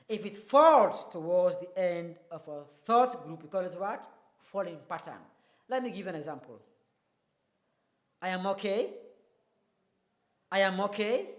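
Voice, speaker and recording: A teacher leads a televised English lesson, explaining each point and then asking the class rhetorical questions. The voice carries a roomy echo. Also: medium pitch.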